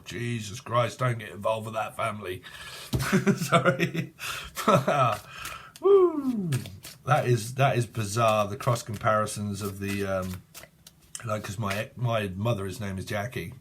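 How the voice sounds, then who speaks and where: Blunt, profane tarot reader. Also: male voice, lowish voice, a little hiss or hum. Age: 40s. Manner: blunt and profane, laughs often. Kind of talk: casual online tarot reading.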